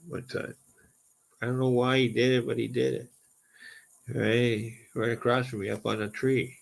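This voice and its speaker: A man telling an excited, rambling story in casual speech, full of swearing, with "right?" and "okay?" tacked onto nearly every line. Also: mid-range voice, gravelly, low-quality recording. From Southern Ontario, Canada.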